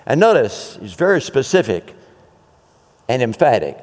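A male pastor preaching a sermon, emphatic, with dramatic repetition and pauses. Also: mid-range voice, sing-song, a little mellow, long reverb tail.

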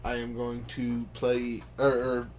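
Self-deprecating man, halting delivery, mid-range voice, light hiss behind. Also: medium pitch, completely flat delivery, darkish tone. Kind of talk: casual chat, reading out lyrics.

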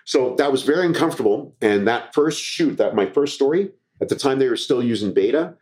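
A man's voice: mid-range voice, expressive, a little fast, a little mellow. A middle-aged Canadian man, a former TV reporter and comedian, telling stories in a casual interview and acting out quoted dialogue.

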